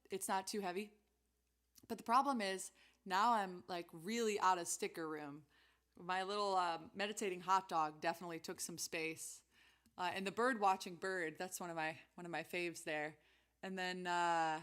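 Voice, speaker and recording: A woman's voice: medium pitch, a bit bright. A young woman hosting a weekly music stream, chatting casually and giggling as she thinks aloud between songs.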